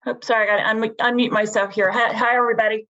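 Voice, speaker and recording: A woman giving a prepared public comment on a video call, talking quickly and eagerly, correcting herself as she goes. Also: a little high, flat delivery, bright, forceful tone. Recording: dull lo-fi call audio.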